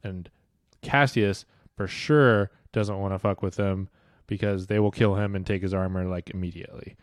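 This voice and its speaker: A man's voice: low-pitched, steady tone, moderate pace, no echo, clean studio sound. A man co-hosting a podcast, recapping book chapters in laid-back casual chat, laughing often and swearing casually. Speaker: podcast co-host.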